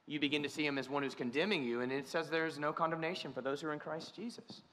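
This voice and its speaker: A man's voice: fairly high pitch, steady tone, fast talker, a bit bright. A man preaching a sermon as pastor, earnest and conversational, often restarting his sentences. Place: church sanctuary. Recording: church hall reverb.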